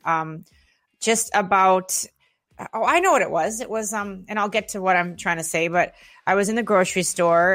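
A woman's voice: on the low side, a bit bright. A woman hosting a casual chat, telling rambling anecdotes with a bit of swearing. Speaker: host.

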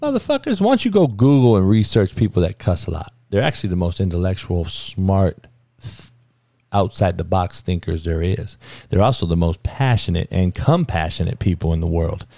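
A man's voice: low voice, moderate pace, vocal fry, no room sound. A man hosting a podcast, delivering a blunt, profane sports rant in casual talk. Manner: profane, blunt, animated rant with frequent cursing. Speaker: podcast host.

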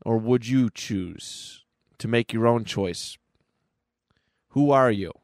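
A man reading the lines of a mysterious male spirit eye from a comic, posing slow, teasing riddles. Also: medium pitch, dry recording, studio quality. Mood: riddling.

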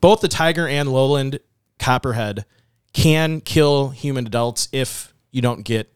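Male podcast co-host from the US, clear smooth voice, dry mic; easygoing interjections. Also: mid-range voice, measured pace, no echo. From United States. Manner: chimes in with asides and laughs. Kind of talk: casual chat.

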